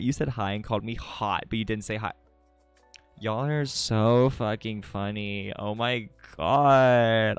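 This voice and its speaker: A young man in his early twenties from California, streaming live at night and chatting with viewers, giggling, swearing a lot and jumping into high squeals. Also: creaky. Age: early 20s. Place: home at night.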